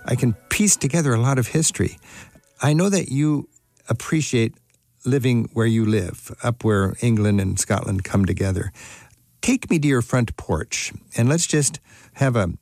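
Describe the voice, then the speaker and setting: A man's voice: mid-range voice, moderate pace, a little mellow, dry recording, clean studio sound. A man hosting a travel radio show, interviewing a guest in an enthusiastic, chatty way with frequent fillers.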